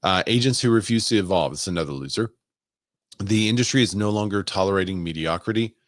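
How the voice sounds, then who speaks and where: A man's voice: sits low, fast talker, dry recording, studio quality. A man hosting a casual podcast, chatting and reading listener comments and articles aloud, with asides and laughs. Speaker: podcast host.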